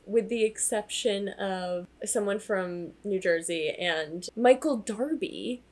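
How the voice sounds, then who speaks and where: A woman's voice: medium pitch, slow pace, a little mellow. A woman co-hosting a podcast in casual chat, telling stories animatedly and acting out quotes. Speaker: podcast co-host.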